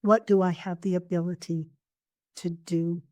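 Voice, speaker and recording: Woman coach, low mellow voice, dry close mic, earnest storyteller. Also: level tone, moderate pace, dry recording. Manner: earnest storytelling, warm anecdotes. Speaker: coach and therapist. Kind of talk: casual podcast chat.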